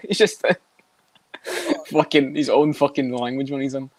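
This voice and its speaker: A man's voice: on the high side, moderate pace. A man co-hosting a casual podcast, swearing often and laughing as he rambles. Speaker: podcast co-host. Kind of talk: casual chat about MMA.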